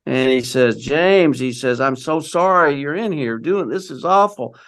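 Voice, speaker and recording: A middle-aged man with a gravelly, mid-range voice tells a personal story in a relaxed, conversational way. He rambles and restarts often, acting out what other people said to him as he goes. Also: mid-range voice, measured pace. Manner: rambling, with many restarts and quoted dialogue. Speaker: guest telling his story. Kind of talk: casual storytelling.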